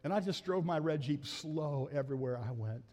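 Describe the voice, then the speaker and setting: A middle-aged pastor man preaches in a homespun, joking way, swelling into loud emphatic refrains. His voice sits a little high for a man. The church hall rings with a long reverb behind him. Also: moderate pace. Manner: folksy, builds to loud emphatic peaks with quips. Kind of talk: sermon. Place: church sanctuary.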